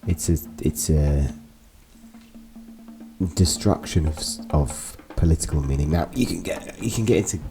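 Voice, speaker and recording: A man's voice: extremely low pitch, moderate pace, creaky, pauses often. A man giving a casual, digressive political monologue with wry asides, with music playing behind him. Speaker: political commentary host.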